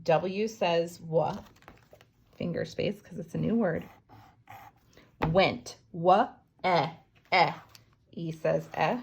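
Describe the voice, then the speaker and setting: A woman teaches young students to write a sentence, sounding out each letter and syllable at a very slow pace. Her voice sits a bit low and has a gravelly rasp. A faint hiss of noise stays under her. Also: a little mellow.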